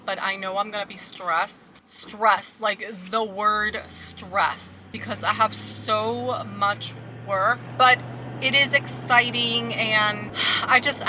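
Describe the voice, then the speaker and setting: A woman's voice: a little high, background noise. Chatty upbeat woman vlogging outdoors. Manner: chatty, upbeat, addresses viewers as guys. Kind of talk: casual vlog chat. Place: outdoors on a trail.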